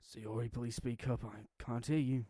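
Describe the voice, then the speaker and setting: A man's voice: mid-range voice, steady tone, normal speed, mellow, no room sound, studio quality, lightly acted. A man voicing a pushy teenage schoolboy who raises his voice and demands answers. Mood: demanding.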